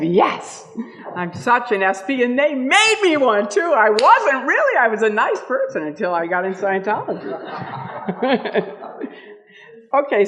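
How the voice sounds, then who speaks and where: A woman in her sixties telling stories at a meetup, with lots of laughter and acted-out quotes. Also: mid-range voice. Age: 60s. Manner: lively, laughing, acts out quotes. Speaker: ex-member speaking at a meetup. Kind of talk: animated storytelling talk.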